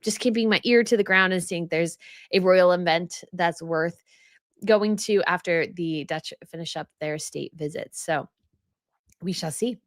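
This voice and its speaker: Woman, livestream host, casual chatty rambling, mid pitch, dry close sound. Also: moderate pace, dry recording. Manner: chatty, rambling, laughs often. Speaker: royal news channel host. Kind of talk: casual livestream chat reading viewer comments.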